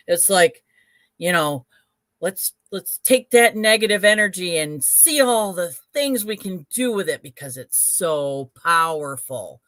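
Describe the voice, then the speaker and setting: A middle-aged woman in casual conversation, explaining things in an unhurried way with many fillers. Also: on the low side, lively intonation, fairly bright tone, dry recording. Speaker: spiritual show participant. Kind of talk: casual chat.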